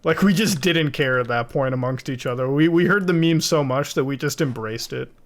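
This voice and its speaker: A man's voice: medium pitch, a little fast. A young man streaming from home while editing video, chatting casually and rambling with lots of swearing and laughing asides.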